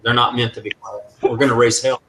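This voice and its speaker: A man's voice: mid-range voice, steady tone, quick pace, crowd noise, poor audio. A man in his thirties chatting loosely about mufflers and exhaust setups, joking as he goes. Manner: loose, joking, rambling car talk. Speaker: muffler maker guest. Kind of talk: casual live show chat.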